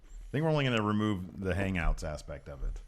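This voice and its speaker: A man's voice: deep voice, a little fast. A man co-hosting a podcast livestream, chatting casually and joking around, sometimes singing bits of songs. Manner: joking, animated, sings snatches of songs. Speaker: podcast co-host.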